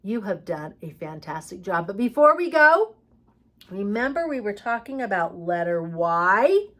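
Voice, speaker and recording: A woman reading a picture book aloud and leading a preschool lesson with songs, speaking slowly and encouragingly to small children. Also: mid-range voice, sing-song, fairly bright tone. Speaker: preschool teacher.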